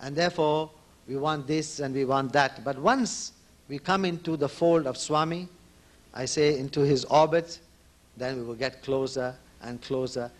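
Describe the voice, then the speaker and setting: A man's voice: medium pitch, steady tone, a little slow. A man addressing devotees at a conference as an organization leader, speaking earnestly and repeating key points for emphasis. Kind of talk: conference speech. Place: conference hall.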